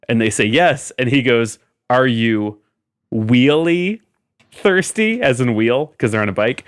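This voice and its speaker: A man pitching an idea to a comedy panel with excitement, laughing now and then. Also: no room sound, studio quality. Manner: excited, breaks into sung quotes and laughs. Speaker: podcast panelist.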